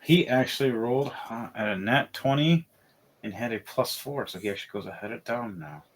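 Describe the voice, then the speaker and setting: A man running a tabletop game as game master, narrating with animated, laughing energy. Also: mid-range voice, a little fast.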